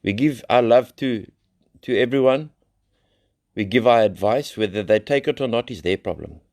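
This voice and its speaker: A man's voice: medium pitch, moderate pace, a little mellow. Blunt South African man telling recovery stories. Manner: blunt, rambling, salty slang and swearing. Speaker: addiction recovery center founder. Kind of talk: live recovery share, casual storytelling.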